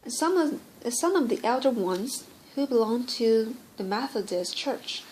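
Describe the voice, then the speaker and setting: A woman narrating an audiobook in a steady reading voice that often stumbles and restarts words. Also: on the high side, unhurried, a little hiss or hum, low-quality recording. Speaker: audiobook reader.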